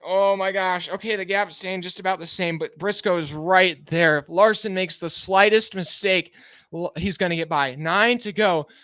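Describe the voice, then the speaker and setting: A man live-streaming a car race, giving excited, anxious fan play-by-play and pleading with the drivers, sounding out of breath. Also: sits high, moderate pace, clear, resonant tone, dry recording.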